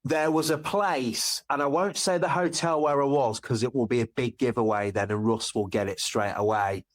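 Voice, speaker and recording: A man's voice: medium pitch, normal speed. A man chatting on a podcast, telling anecdotes animatedly and acting out the exchanges. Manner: animated storyteller, acts out exchanges. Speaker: podcast guest. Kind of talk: casual chat.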